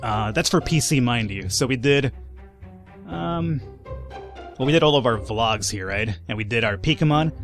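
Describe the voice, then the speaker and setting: A man's voice: mid-range voice, expressive, normal speed, soft background music. A man giving casual, sarcastic let's-play commentary, rambling and swearing freely. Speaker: gameplay commentator.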